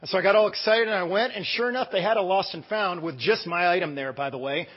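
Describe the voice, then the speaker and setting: A middle-aged American pastor with a somewhat high voice who preaches in a relaxed, story-driven way, full of "uh"s and restarts. The sound is a bit muffled and carries a long hall reverb from the church. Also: male voice, fast, a little hiss or hum. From United States. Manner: conversational storytelling with many fillers and restarts. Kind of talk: casual sermon.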